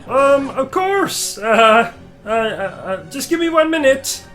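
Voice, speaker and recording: A man's voice: very high voice, expressive, slow pace, a bit bright, faint music behind, pitched above the performer's own voice, exaggerated voice. A man voicing a timid, hesitant male sidekick who opens nearly every line with a nervous "um".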